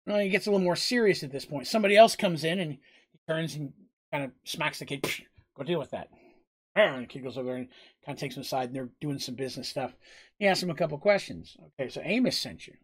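A man's voice: on the high side, fast. A man running a tabletop game as game master, narrating in a casual, rambling way and often correcting himself mid-sentence.

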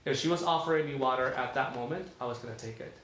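A pastor preaches a sermon in a fast, medium-pitched, slightly bright voice, mixing conversational storytelling with frequent rhetorical questions. The room is very echoey, with faint ambience in the background.

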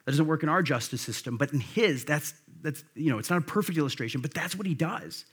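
A man's voice: a little high, lively intonation, fast, breathy edge. A man preaching a conversational sermon, emphatic and full of rhetorical questions to the congregation. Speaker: pastor.

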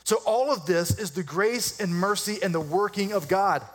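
A middle-aged pastor delivers a sermon in a loose, conversational way, mixing jokes with scripture. His voice sits a bit high for a man, and he drags out key phrases to stress them. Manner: conversational preaching with humor, slowing down for emphasis.

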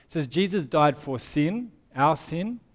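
A man's voice: fairly high pitch, animated, a little slow. A man preaching a sermon, who explains scripture in a conversational way and reads passages aloud. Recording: long hall reverb.

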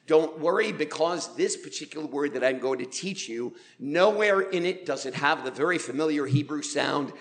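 A man preaching a sermon in a church, drawing the congregation in with questions and light humor, slowing to stress key words. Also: on the high side, fairly bright tone, a little hiss or hum. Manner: engages the congregation with questions and show of hands. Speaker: pastor. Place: church sanctuary.

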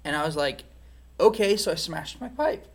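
A man's voice: a little high, big pitch swings, fairly quick, gravelly, fairly bright tone. A man speaking as an interview guest, giving a candid personal testimony in a reflective, frank way.

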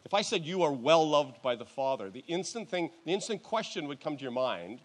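Halting conversational male pastor preaching. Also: fairly high pitch, lively intonation. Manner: conversational, halting, with restarts and chuckles. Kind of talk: sermon.

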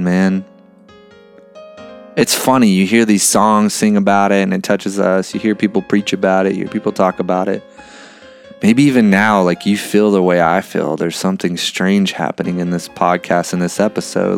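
Man, podcast host, low gravelly voice, earnest casual musing, faint music behind. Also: fairly even intonation, moderate pace. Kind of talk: casual reflective monologue.

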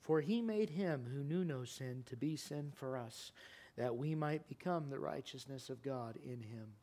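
A man preaching a sermon in a church, impassioned, his voice climbing high and loud, then sinking to a quiet, earnest plea. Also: a little slow. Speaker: pastor. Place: church sanctuary.

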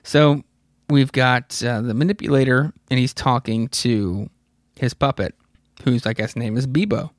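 A man's voice: mid-range voice, steady tone, measured pace, dry recording, clean studio sound. A man in his thirties hosting a podcast, casually retelling a comic story with rambling, profane asides and chuckles. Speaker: podcast host. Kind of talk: casual comic book recap.

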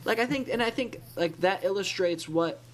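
A man's voice: sits high, normal speed. A man co-hosting a podcast in casual discussion, talking in a thoughtful, rambling way with many restarts. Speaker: podcast co-host.

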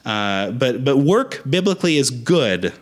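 A young adult man preaching a sermon as a pastor, emphatic and animated, repeating rallying phrases. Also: mid-range voice, measured pace.

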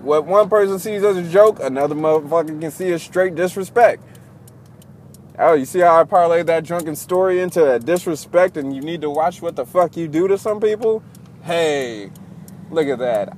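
A man's voice: on the high side, slight background noise. Profane rambling young man in a car. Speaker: storyteller. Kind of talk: casual storytelling.

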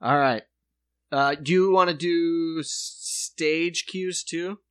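Laid-back man with a fairly high voice. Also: steady tone, slow pace, a bit bright, clean tone, no echo, studio quality. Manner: rambling, laid-back, swears freely, jokey. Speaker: podcast host. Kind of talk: casual comedy chat.

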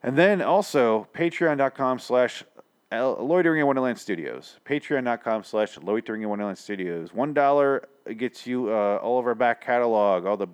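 A man's voice: mid-range voice, moderate pace, smooth. A tired man hosting a podcast, ranting about an episode in a rambling, profane, exasperated way. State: tired late at night. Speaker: podcast host. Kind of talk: casual podcast review rant.

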